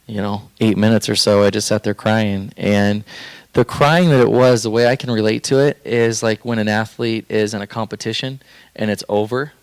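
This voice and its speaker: A man's voice: fairly low pitch, fairly even intonation, moderate pace, smooth, dry recording. A young man sharing a personal faith story on a podcast, earnest and heartfelt, rambling with fillers and restarts as he talks.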